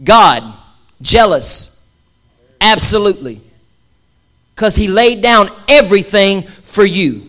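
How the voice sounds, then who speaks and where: Male pastor, high voice, lively conversational preaching with playful asides. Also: measured pace. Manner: lively preaching, jokes and quoted asides, varies pace. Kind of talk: sermon.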